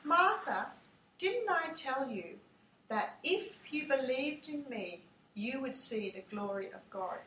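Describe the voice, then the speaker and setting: Jesus, a calm grown teacher, speaks gently and earnestly in a storybook reading, as a woman reads his lines. The voice sits high and bright. It is heard from a distance in an echoey room. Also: slow, a little hiss or hum, exaggerated voice. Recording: echoey room, mic far off.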